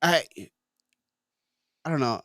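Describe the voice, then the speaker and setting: A man's voice: fairly high pitch, expressive, slow, bright, forceful tone, no echo, clean studio sound, soft background music. A middle-aged man co-hosting a casual chat over drinks, rambling and laughing easily. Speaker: podcast co-host.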